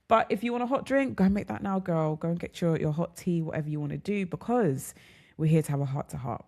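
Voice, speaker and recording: A woman's voice: sits low, gravelly, a little mellow. A woman hosting her own solo podcast, chatting in a casual, personal way and calling her listeners girl and ladies. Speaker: podcast host. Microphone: studio mic.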